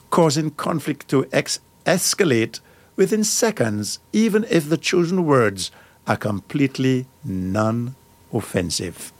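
A middle-aged man hosting a radio talk show. He reads out points and breaks off into firm personal asides. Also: mid-range voice.

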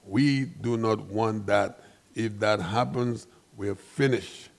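A man with a Saint Lucian accent giving an impassioned, emphatic monologue as a commentator, preaching and rising into loud outbursts. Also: on the low side, steady tone, takes it slowly, creaky.

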